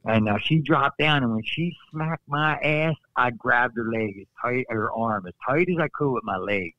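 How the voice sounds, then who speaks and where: A man's voice: medium pitch, normal speed, no echo. Middle-aged man telling folksy wrestling stories. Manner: lively storyteller, folksy asides. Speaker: guest former wrestler. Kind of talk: casual storytelling on a podcast. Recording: slightly dull dry remote audio.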